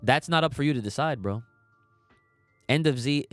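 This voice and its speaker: A man's voice: medium pitch, normal speed, no room sound, faint music behind. A young man hosting a casual podcast livestream, talking emphatically in slangy, swearing rants and reading out chat comments. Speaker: podcast host.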